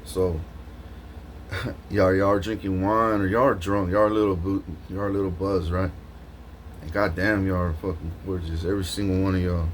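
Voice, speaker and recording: Vlogger guy, lowish voice, rambling and slangy, laughs a lot, faint hiss behind. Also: normal speed. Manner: animated, laughs often, slangy, lots of restarts. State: just woke up from a nap. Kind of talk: rambling casual monologue to camera.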